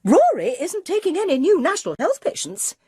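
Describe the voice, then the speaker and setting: A woman's voice: very high-pitched, huge pitch swings, brisk, warm tone, dry recording, clean studio sound, voice pushed up, exaggerated voice. A woman reading aloud, voicing an indignant, clipped middle-aged woman.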